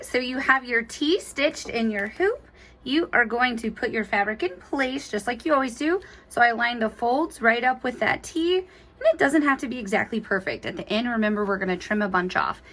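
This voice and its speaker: Woman, craft instructor, chatty, enthusiastic, bright voice. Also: on the high side. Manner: chatty and enthusiastic, gushing over cute details. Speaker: embroidery instructor. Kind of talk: step-by-step craft tutorial.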